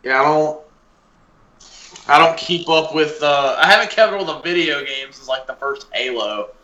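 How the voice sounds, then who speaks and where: Bright man in an echoey room. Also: a little high, normal speed, dull audio. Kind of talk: casual chat.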